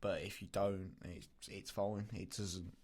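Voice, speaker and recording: A man's voice: low-pitched, little pitch movement, measured pace, a little mellow, slight background noise. A young man co-hosting a podcast in casual chat, hesitant with many fillers. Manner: hesitant, many ums, chuckles. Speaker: podcast co-host.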